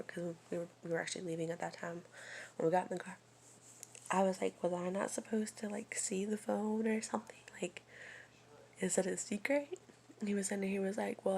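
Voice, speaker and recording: A young woman speaks in a soft, often whispered personal vlog, rambling and confiding with plenty of fillers. Her voice sits low with a gravelly fry and stays fairly flat. A faint hiss of background noise runs under the recording. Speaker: vlogger.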